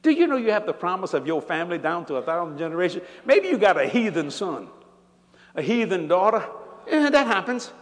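A man's voice: sits high, big pitch swings, a little fast. An older man preaching a sermon, telling stories animatedly and laughing along as he goes. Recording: church hall reverb.

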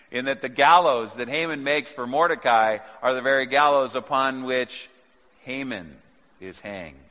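A man preaching a sermon, swinging from quiet, low asides to loud, emphatic peaks. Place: church sanctuary. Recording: long reverb of a large hall.

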